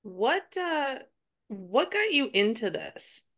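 A woman co-hosting a casual podcast, teasing and quick to laugh. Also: a little high, big pitch swings, a bit bright. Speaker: podcast co-host, animal control officer.

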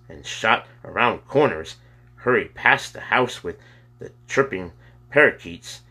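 Slow, lively man reading a storybook. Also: fairly low pitch, breathy edge. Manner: lively storytelling, bursts into loud character shouts. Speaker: storybook narrator. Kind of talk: reading a children's chapter book aloud.

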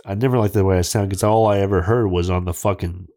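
A man's voice: low-pitched, fairly even intonation, quick pace, dark tone. A man hosting a podcast, chatting casually on a close studio mic, rambling and swearing a lot. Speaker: podcast host. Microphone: close studio microphone.

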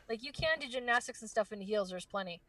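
A woman voice actress being interviewed, chatting casually and fast with lots of fillers and restarts. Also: fairly high pitch, lively intonation, bright, forceful tone, distant mic, slight background noise. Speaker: voice actress guest.

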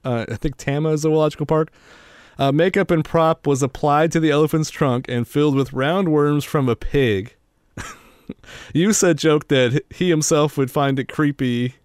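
A man's voice: fairly high pitch, normal speed, a little mellow, clear, resonant tone, no room sound, studio quality. A man co-hosting a casual movie review, chatty, giggling between points and reading out trivia. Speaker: podcast co-host.

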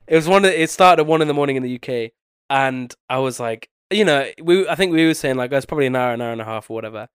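A young man with a blocked, nasally voice, worn down by a cold and a sleepless night. He rambles through a casual podcast chat and loses his thread at times. His voice is smooth and clear, recorded close and dry with no room sound. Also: medium pitch, fast, dry recording. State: sick with a bad cold, sleepless. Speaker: podcast co-host.

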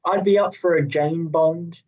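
A man in casual podcast chat with a slightly raised pitch. He talks in a sweary, animated way and slides into rants. The voice sits back from the microphone on a dull, lo-fi recording. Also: a little slow. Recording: distant, dull lo-fi mic.

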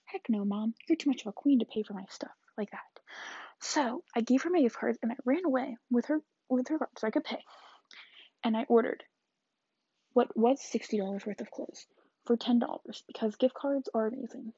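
Chatty eighteen-year-old girl, husky voice. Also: fairly high pitch, normal speed, mellow, no room sound, highs cut off. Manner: chatty, rambling, with frequent whispered asides. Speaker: vlogger. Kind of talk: casual storytelling vlog.

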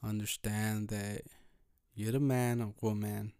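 A man hosting his own podcast, talking slowly and calmly while thinking aloud, in a laid-back, low-energy way. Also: clean tone, no echo, studio quality. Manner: slow, calm, thinking aloud. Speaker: podcast host. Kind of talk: solo motivational podcast talk.

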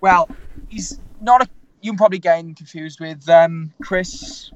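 A man's voice: high-pitched, measured pace, lo-fi sound, slight background noise. A man, a fighter telling stories in a casual interview, rambling with lots of fillers. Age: 20s. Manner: rambling storytelling with many fillers. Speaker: MMA fighter guest.

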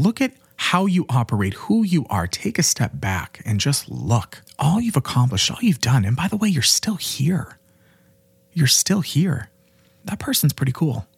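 A man's voice: mid-range voice, husky, no room sound. A man in his twenties, a podcast host and life coach, giving an earnest motivational self-help monologue and often checking in with "you know" and "right?". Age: 20s.

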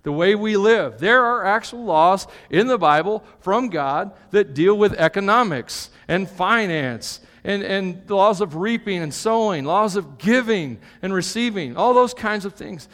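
High-voiced preacher in a reverberant hall. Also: male voice, expressive, measured pace, hardly any pauses, fairly bright tone. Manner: emphatic, tags points with "okay?", joking asides. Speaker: pastor. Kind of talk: live sermon. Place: church hall with an audience. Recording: long reverb of a church hall.

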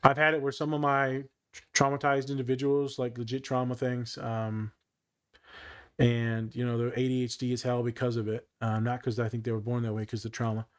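A man's voice: medium pitch, fairly quick. A young man co-hosting a podcast as a therapist and meditation teacher, joking and swearing freely in casual chat. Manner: animated, joking, swears freely, does voices when telling stories.

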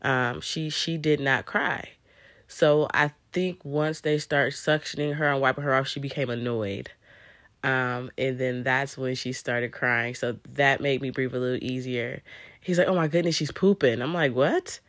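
Low-voiced woman telling a personal story. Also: fairly even intonation, a little slow, fairly bright tone, dry recording. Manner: conversational, frequent "um" and "I'm like" quoting. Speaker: vlogger.

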